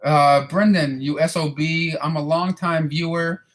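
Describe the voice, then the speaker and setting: This thirties-aged man fields viewer questions in a loose, rambling, profane way, frequently restarting and repeating himself. His voice is a little high and a bit bright, with a steady tone and an unhurried delivery.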